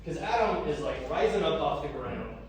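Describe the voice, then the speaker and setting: A man's voice: on the high side, animated, moderate pace, a little hiss or hum. A man doing a loose, profane stand-up comedy routine and laughing at his own jokes, recorded from a distance in an echoey room.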